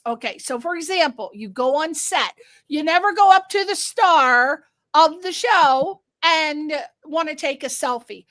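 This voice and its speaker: A woman's voice: high-pitched, animated, unhurried, a bit bright, dry recording. A woman from Connecticut hosting a live talk show, chatty and effusive, often restarting her questions. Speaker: host.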